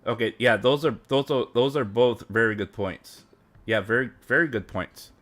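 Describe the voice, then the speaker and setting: A man's voice: mid-range voice, moderate pace, a bit bright. A man live-streaming as he practices a language, chatting casually in a rambling way and chuckling often. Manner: rambling, chuckles often while sounding out words. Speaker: live streamer learning Japanese.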